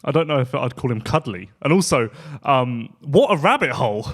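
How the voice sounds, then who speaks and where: A man hosting a podcast, chatting casually and playfully and laughing easily. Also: medium pitch. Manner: animated, playful, quick to laugh. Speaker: podcast host.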